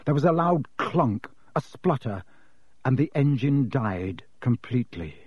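A man narrating a storybook in a steady, measured reading. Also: medium pitch, slightly rough, dry recording. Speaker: audiobook narrator. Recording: dull, lo-fi dry recording.

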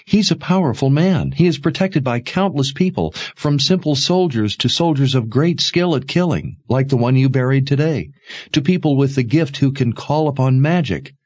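A man's voice: lowish voice, very animated, normal speed, darkish tone, no room sound. A man reading aloud and voicing a wary middle-aged mother protecting her daughter, in an earnest, pleading way.

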